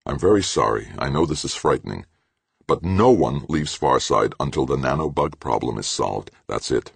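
A man reads a young leader holding firm while staying reasonable, in an audiobook. The voice is very deep and gravelly with a husky grain. It is dry and close to the mic. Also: animated, normal speed, dry recording, full character voice.

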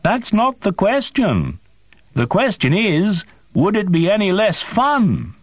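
A man voicing a daring, blunt young woman wing flyer who shouts over the wind. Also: sits high, huge pitch swings, slow pace, no echo, voice pushed up, full character voice. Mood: shouting.

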